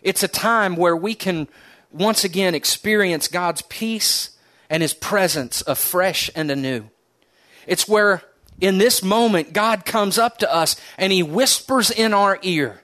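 Earnest preacher man, slightly high voice. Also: unhurried. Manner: earnest storytelling preacher, dropping to soft, hushed tones for emphasis. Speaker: pastor. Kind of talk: sermon.

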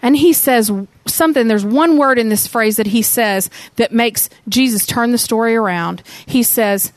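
A woman preaching a sermon, telling the story in an animated way and asking many rhetorical questions. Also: fairly high pitch, normal speed, few pauses, no room sound.

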